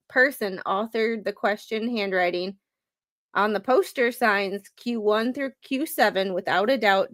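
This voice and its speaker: A woman's voice: mid-range voice, a bit bright, dry recording. Rambling woman reading court papers. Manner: halting, rambling, with many fillers and restarts. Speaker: commentary host. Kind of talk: casual reading of court documents.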